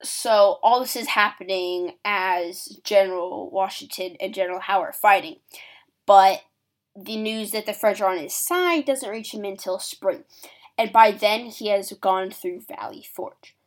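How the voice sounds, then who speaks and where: A woman's voice: medium pitch, unhurried. A woman casually explaining history, chatty and acting out quotes with a lot of "like". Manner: chatty, acts out quotes, uses "like". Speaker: history presenter.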